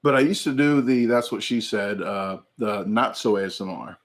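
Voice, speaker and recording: This is a man with a lowish voice talking at normal speed as he hosts a casual livestream. Rambling and jokey, he works through viewers' comments and laughs often.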